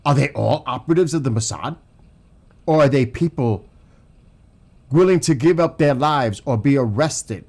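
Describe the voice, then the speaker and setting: A man from New York with the accent to match, livestreaming political commentary straight to his chat. He rants with raw emotion and frequent swearing, sounding fired up and blunt. His voice sits at an everyday middle pitch for a man. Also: measured pace, long pauses, a little mellow. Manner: angry, profane, emotional ranting. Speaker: livestream host.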